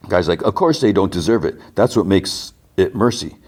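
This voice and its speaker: A man's voice: low-pitched, moderate pace, a little mellow, husky. A man hosting a podcast, casually retelling a TV episode scene by scene, quoting the characters loosely and adding his own asides. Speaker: podcast host.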